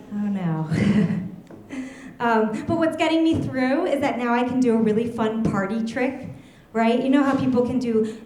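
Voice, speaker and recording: A woman's voice: a little high, darkish tone, roomy sound, slight background noise. A woman in her thirties performing a stand-up set, telling chatty stories and giggling at her own jokes on a comedy club stage.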